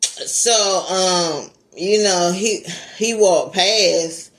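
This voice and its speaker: A woman YouTuber telling a casual story time, animated, laughing and swearing as she talks straight to her viewers. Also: lowish voice, very slow.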